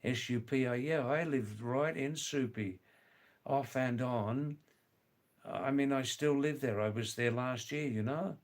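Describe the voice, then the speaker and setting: An older man hosting a casual livestream, reading viewer comments aloud in an unhurried way, repeating words and spelling out names. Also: medium pitch. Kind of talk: casual chat.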